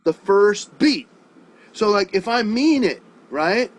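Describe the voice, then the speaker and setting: High-voiced man teaching songwriting casually. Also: very animated, slow, over music, low-quality recording. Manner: casual, swears freely, checks understanding often. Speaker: music teacher. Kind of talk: online songwriting lesson. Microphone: video call.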